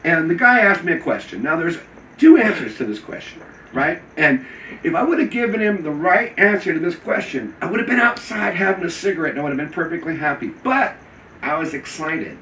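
A man, an actor, telling a lively anecdote in casual conversation and acting out the voices of the people in it. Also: fairly high pitch, brisk. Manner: animated, acts out voices in his anecdotes. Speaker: guest actor. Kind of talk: casual storytelling. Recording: echoey room, mic at a distance, faint ambient noise.

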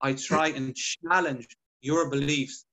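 Man, slightly high voice, casual podcast chat, acts out dialogue. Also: takes it slowly. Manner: animated storytelling, acts out patient dialogue. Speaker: podcast guest clinician.

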